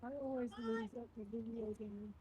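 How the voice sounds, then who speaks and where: A woman in casual conversation, soft-spoken and hospitable. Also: on the high side, flat delivery, moderate pace, a little hiss or hum, low-quality recording.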